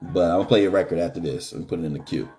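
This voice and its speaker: A man's voice: low voice, racing, mellow, faint music behind. A middle-aged man hosting a live stream, joking in slangy casual chat.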